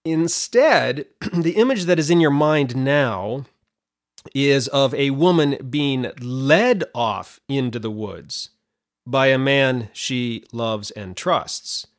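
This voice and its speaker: A middle-aged man hosting a Bible study podcast, talking in an animated, chatty way that wanders off on side points. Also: mid-range voice, slow. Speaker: podcast host and Bible teacher.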